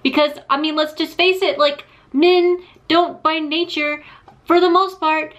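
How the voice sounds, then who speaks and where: A woman's voice: sits high, fairly even intonation, measured pace, fairly bright tone, muffled recording. Blunt, profane woman reacting on camera. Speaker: video host. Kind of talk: reaction commentary.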